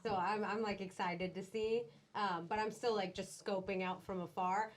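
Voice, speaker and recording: A woman playing a tabletop game, chatty and excited. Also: mid-range voice, moderate pace. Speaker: player. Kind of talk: casual chat.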